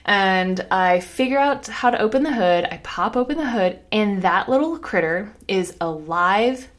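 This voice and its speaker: A woman in her thirties hosting a podcast, telling a story in a casual, animated way, laughing often and saying "like" a lot. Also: mid-range voice, a little slow. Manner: animated, laughing, heavy use of "like". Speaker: podcast host.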